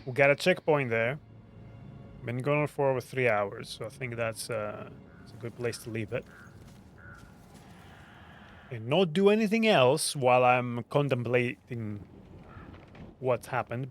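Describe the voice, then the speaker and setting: A man's voice: medium pitch, a little hiss or hum. A man streaming a video game, musing aloud with hesitant restarts. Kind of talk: casual let's-play commentary. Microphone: podcast mic.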